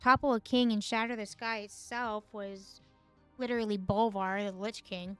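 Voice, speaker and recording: A woman's voice: medium pitch, steady tone, normal speed, a bit bright, clean tone, soft background music. A woman host giving casual, slangy, profane commentary on game lore, full of chatty asides. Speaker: gaming video host.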